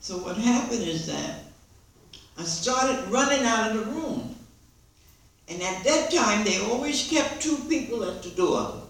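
An older woman giving a lively personal testimony to a meeting, acting out the dialogue as she tells it. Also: mid-range voice. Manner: lively storyteller who acts out dialogue and laughs along. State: hard of hearing. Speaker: recovery meeting speaker. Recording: echoey hall recording from far off.

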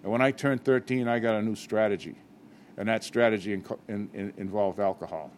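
A man's voice: fairly low pitch, steady tone, brisk, slight background noise. Older man, candid, self-mocking recovery talk. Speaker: speaker at a recovery meeting.

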